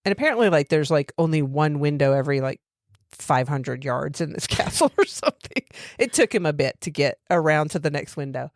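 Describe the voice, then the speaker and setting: A woman co-host talks through a movie plot in a loose, rambling way, full of filler words. Her voice sits on the low side for a woman, and the recording is close and completely dry. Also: lively intonation, a little fast, no echo. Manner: rambling, giggly, many "like" fillers. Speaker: podcast co-host. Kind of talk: casual chat recapping a film.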